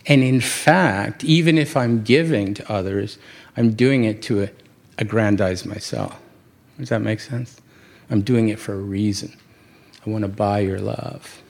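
A man from New York City telling a reflective personal story, often halting and restarting his words and chuckling at himself. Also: on the low side, gravelly. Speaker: speaker sharing a personal story.

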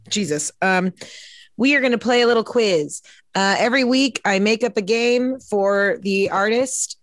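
A woman's voice: mid-range voice, dry recording, studio quality. A woman hosting a podcast in casual chat, self-mocking and rambling with jokes. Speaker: podcast host. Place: indoor studio.

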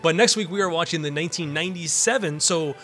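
A man's voice: a little high, fast talker, fairly bright tone. A man co-hosting a casual podcast, talking in a rambling, self-deprecating way. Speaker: podcast co-host.

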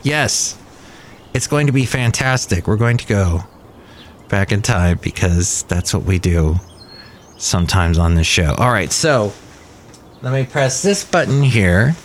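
A man's voice: on the low side, lively intonation, a little slow, slight background noise. A man in his fifties hosting a podcast, rambling casually and poking fun at himself. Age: 50s. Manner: rambling, self-deprecating. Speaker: podcast host. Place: cafe.

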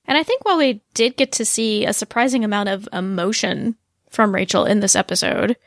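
A woman co-hosting a podcast in casual chat, animated and quick to laugh. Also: medium pitch, dry recording, clean studio sound. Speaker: podcast co-host.

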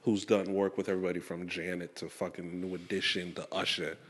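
A man's voice: low-pitched, little pitch movement, brisk, big-room sound, a crowd in the background. A man co-hosting a casual podcast, brash and profane, teasing the others. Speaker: podcast co-host. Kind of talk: casual chat.

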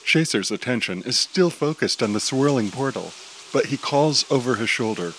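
A man narrating an audio drama at a mid pitch, steady and descriptive. Faint noise sits beneath his voice. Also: moderate pace, poor audio.

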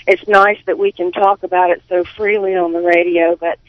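A woman calling in to a radio show, speaking in a halting, heartfelt way with many pauses. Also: lowish voice, level tone, dry recording. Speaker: caller. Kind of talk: call-in radio comment. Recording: tinny phone line.

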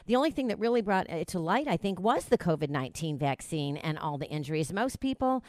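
A woman's voice: on the low side, very animated, a little fast, a little mellow, no echo. A woman hosting a radio talk show, chatty and rambling, with many fillers.

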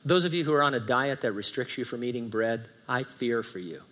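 A middle-aged pastor talks a little fast in a medium-pitched voice with a fairly bright tone. His preaching is conversational and sprinkled with humorous asides, and he reads scripture aloud with strong emphasis.

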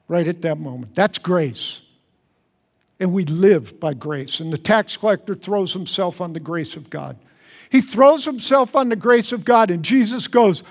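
A man preaching a sermon as pastor, earnest, repeating phrases and dropping softly for prayers. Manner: earnest, repeats phrases, drops to soft low tones for prayers. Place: large church hall. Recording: long hall reverb.

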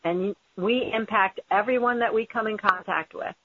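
A woman's voice: medium pitch, normal speed, breathy edge, no echo. Earnest woman host over a tinny line. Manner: earnest, emphatic, encouraging. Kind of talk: conversational interview. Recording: phone-like tinny audio.

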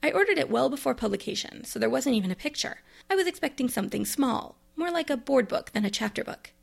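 A woman with a gravelly, husky voice, pitched a bit high for her sex. She talks through new books in a chatty, enthusiastic way, like a librarian sharing favorites. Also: expressive, quick pace. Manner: chatty, enthusiastic, bookish asides. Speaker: librarian and podcast host. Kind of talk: casual book review monologue.

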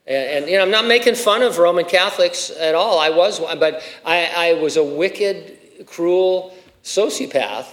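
A man's voice: high voice, measured pace, a bit bright. A middle-aged man preaching a sermon as pastor, talking casually with asides and rhetorical questions, and lifting his voice when he reads scripture. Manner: reads scripture with rising emphasis. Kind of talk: expository sermon.

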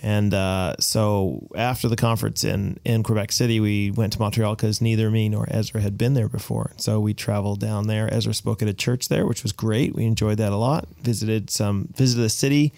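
A man on a podcast, casually recounting travel stories with animated delivery. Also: fairly low pitch, moderate pace, creaky, hardly any pauses, no echo. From United States. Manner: animated storyteller, voices quoted people. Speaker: podcast co-host. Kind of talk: casual chat, storytelling.

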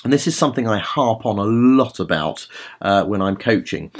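A man in his thirties hosting a podcast as a vocal coach, talking in a relaxed, rambling way with plenty of fillers. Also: lowish voice, moderate pace. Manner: demonstrates sung vowel sounds. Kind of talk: casual podcast talk with vocal tips.

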